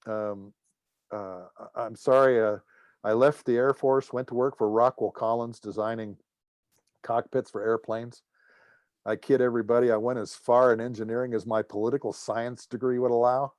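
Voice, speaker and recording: At a moderate pace and medium pitch, with no echo, a middle-aged man who once served as an air force officer gives a guest talk. He spins humorous anecdotes, acts out the speech of those in his stories, and keeps things lively with jokes.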